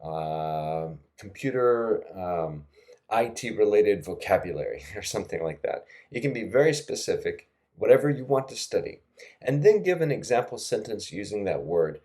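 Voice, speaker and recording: A middle-aged language teacher with a low, mellow voice talks through a screen-recorded language tutorial. He's casual and chatty, animated and at normal speed, with lots of fillers and soft laughs, and sits close to a desktop mic.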